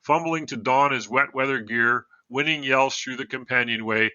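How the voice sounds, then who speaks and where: A man's voice: mid-range voice, steady tone, a little fast, hardly any pauses, bright, forceful tone, smooth, no echo, highs cut off. A man telling a true story as a podcast guest, reading from notes and adding casual asides.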